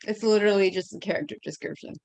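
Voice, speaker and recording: A woman writer chatting about her piece in an excitable, self-deprecating way, tripping over her words. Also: medium pitch, rapid-fire, creaky, no echo. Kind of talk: casual chat.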